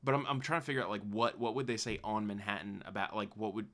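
A man's voice: lowish voice, fast, fairly bright tone. A man co-hosting a casual podcast chat, dry and teasing, swearing offhand. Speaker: podcast co-host.

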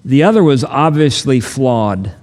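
A man in his sixties, a pastor preaching a sermon in an earnest, measured way, slowing down to stress key lines. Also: mid-range voice, lively intonation, darkish tone. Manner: earnest, measured, slows down for emphasis. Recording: long hall reverb.

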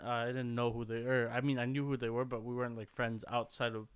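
A man's voice: medium pitch, flat delivery, fairly quick, clean tone. A young man telling a story in casual podcast chat, swearing freely and acting out the voices of the people he quotes. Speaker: podcast co-host.

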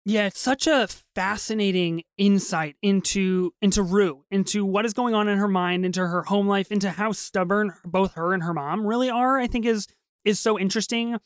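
A woman co-hosting a podcast in casual chat, talking quickly and eagerly with lots of restarts. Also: mid-range voice, no echo. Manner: fast, animated, with repeated restarts. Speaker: podcast co-host.

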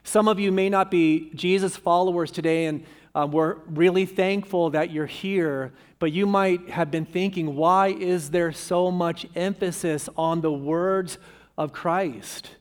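A pastor delivers a sermon in a man's voice pitched higher than most. He preaches with emphasis and repeats key lines for weight. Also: fairly even intonation, unhurried, smooth.

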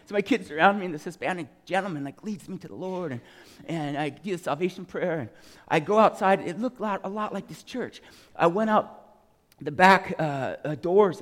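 A man preaching a testimony with passion, swinging between yelling and soft, tearful speech. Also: sits high, big-room sound. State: crying. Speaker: guest preacher. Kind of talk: sermon testimony.

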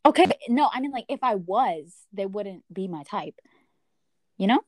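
Talking casually with a friend, a woman at medium pitch and normal speed recounts stories animatedly, acting out what others said and texted. There's a little hiss or hum in the background.

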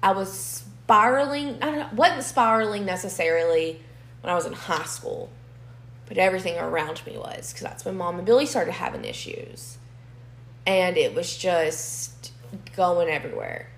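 A woman's voice: fairly low pitch, moderate pace, a little hiss or hum. Blunt, swearing young woman. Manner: blunt, swears freely, animated storytelling. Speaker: podcast co-host. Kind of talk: casual storytelling chat. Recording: echoey room.

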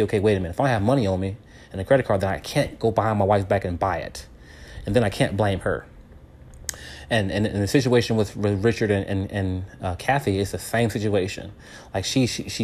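A man in his late thirties talks in a casual, animated monologue. His voice sits somewhat low, and he stumbles and repeats words as he tells a story. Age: 30s. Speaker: advice talker.

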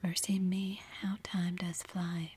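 A gentle young woman speaks kindly and wistfully in a whispered role-play, as a woman reads her. The whisper is airy and low, with a flat, even line. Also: slow pace, breathy edge, exaggerated voice.

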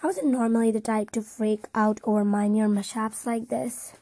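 A woman narrating a first-person audiobook in a soft, close reading. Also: a little high, little pitch movement, normal speed, no room sound.

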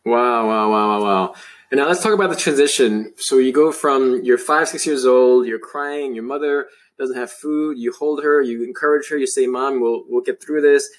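A man's voice: medium pitch, normal speed. A man hosting an interview, asking questions in an encouraging way and often repeating "wow". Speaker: host.

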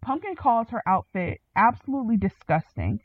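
A woman podcast host in a casual TV recap chat, animated and acting out quotes with big jumps in pitch. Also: moderate pace, dry recording. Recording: dry tinny phone-like sound.

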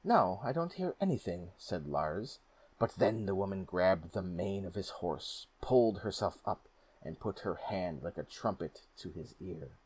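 A man narrating a folk tale in a steady, measured storybook reading. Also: deep voice, slightly rough.

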